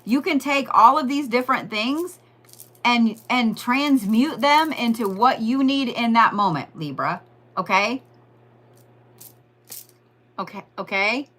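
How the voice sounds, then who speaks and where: A woman's voice: on the high side, slow pace, long pauses, fairly bright tone. A woman giving a casual, rambling astrology reading, joking and swearing as she talks straight to her listeners. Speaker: astrology and Reiki host.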